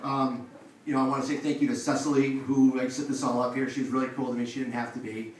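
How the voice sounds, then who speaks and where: A man's voice: mid-range voice, flat delivery, quick pace, recorded from a distance, a little hiss or hum. A man telling a loose, swearing stand-up story on a comedy club stage, with the audience laughing behind him. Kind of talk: stand-up set. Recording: echoey club, mic heard from afar.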